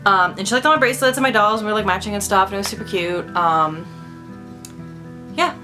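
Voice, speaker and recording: A woman's voice: mid-range voice, quick pace, over music. A woman vlogger chatting casually, rambling with lots of "um" and "like," gushing with enthusiasm. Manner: rambling, heavy on fillers like "um" and "like". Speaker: doll-collecting vlogger. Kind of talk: casual chat.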